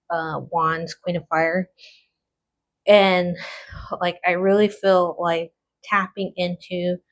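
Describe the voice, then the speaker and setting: A woman giving a casual tarot card reading, thinking aloud slowly with lots of fillers and pauses. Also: lowish voice, highs cut off. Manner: slow, musing, thinking aloud with many fillers. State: has the hiccups.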